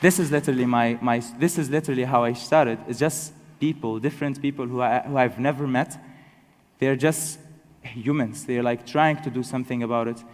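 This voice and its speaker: A man's voice: medium pitch, darkish tone, some chatter behind, slight background noise. Man telling his story in a reverberant hall. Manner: halting, self-correcting, good-humored. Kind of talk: personal storytelling talk. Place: large hall with an audience.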